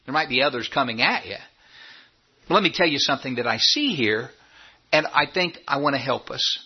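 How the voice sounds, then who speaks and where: A man's voice: medium pitch, lively intonation, moderate pace, husky. A man preaching a sermon in church, telling the story with animation and stumbling over repeated words. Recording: dull lo-fi recording.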